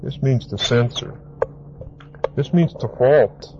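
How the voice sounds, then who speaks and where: A man with a mellow, mid-range voice preaches a Bible teaching sermon at a slow pace, repeating key words for emphasis and spelling out Greek terms. The recording is dull and lo-fi, with a faint hiss.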